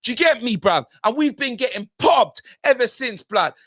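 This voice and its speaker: A man in a furious, shouting football rant, his voice high and lively. The flies fast and his delivery stays heated throughout. The sound is dry and close. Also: no room sound. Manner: ranting, shouting, heavy slang. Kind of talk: angry football fan rant.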